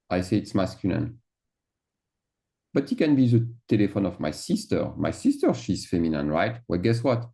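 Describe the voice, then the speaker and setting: A man talks through a grammar lesson, slipping words into his English and asking "d'accord?" as he goes. His voice is low and mellow, and he moves along at an unhurried pace while he explains each form. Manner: mixes French into English, checks in with "d'accord?". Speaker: French teacher. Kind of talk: screen-share grammar lesson.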